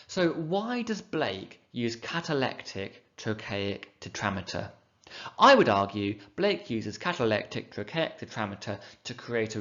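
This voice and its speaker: A male English teacher with a fairly low, slightly bright voice patiently explains poetic meter in a recorded exam revision lesson, sounding the rhythms out loud. The recording is muffled.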